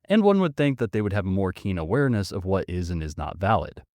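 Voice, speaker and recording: A man's voice: low voice, wildly swooping pitch, quick pace, a little mellow, dry recording. A man hosting a podcast, reading a story aloud with sardonic, mocking asides. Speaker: podcast host.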